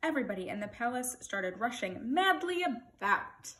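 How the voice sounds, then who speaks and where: Her voice a little high and her speed normal, a woman gives a lively, expressive storytelling reading of a children's picture book.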